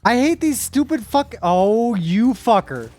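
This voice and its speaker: A woman's voice: fairly high pitch, very animated, a little slow, a little mellow, soft background music. A woman streamer chatting casually with her viewers while gaming, rambling and emotional, with sudden frustrated outbursts.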